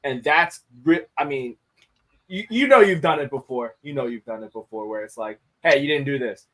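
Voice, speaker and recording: A man's voice: medium pitch, lively intonation, moderate pace, a bit bright. A man in casual podcast chat, speaking candidly with frequent swearing and restarts. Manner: candid, profane, many restarts.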